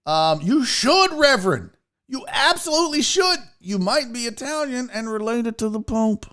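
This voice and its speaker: A man's voice: extremely high pitch, big pitch swings, moderate pace, fairly bright tone. A man hosting a casual live show, rambling profanely and reading viewer comments aloud. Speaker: host.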